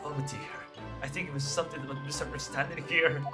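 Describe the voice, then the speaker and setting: A man's voice: fairly high pitch, fairly even intonation, fast, over loud music, voice pushed down, close to an everyday voice. Man playing a nervous stammering young lawyer. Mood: unsure. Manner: hesitant, quiet, stammering.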